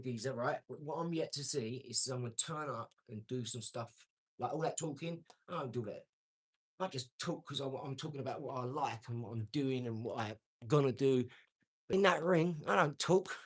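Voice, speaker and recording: A man's voice: medium pitch, slightly rough. A man, talking brashly and boastfully on his own live stream, answering comments. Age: 40s. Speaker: livestream host.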